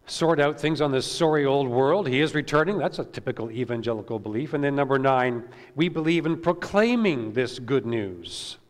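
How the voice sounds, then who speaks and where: A man pastor giving a conversational sermon, with many "uh"s and repeated words, recorded in a church sanctuary. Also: on the high side. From Canada. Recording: long reverb of a church hall.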